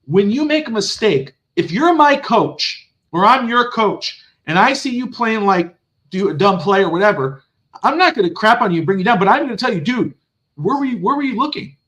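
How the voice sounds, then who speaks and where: Animated high-voiced sports podcast man. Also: normal speed. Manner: animated, swears, acts out quotes in a high excited voice. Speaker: podcast co-host. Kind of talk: casual sports talk.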